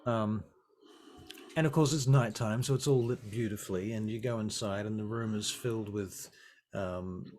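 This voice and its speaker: A man with a fairly low voice narrates a tabletop game as its game master. He paints each scene at an easy pace, often pausing on an um while he finds the next detail. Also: a little mellow.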